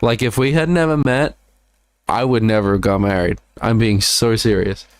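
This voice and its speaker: A man's voice: lowish voice, steady tone, normal speed, clear, resonant tone, no echo. A man with an Australian accent casually breaking down his own songs, rambling with lots of "like" and repeated words. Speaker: musician breaking down his album.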